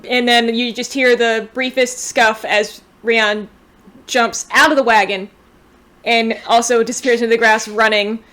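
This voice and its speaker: A woman's voice: on the high side, fairly even intonation, a little slow, fairly bright tone. A woman running a tabletop game as game master, describing the scene loosely and in detail over a home mic on a voice call.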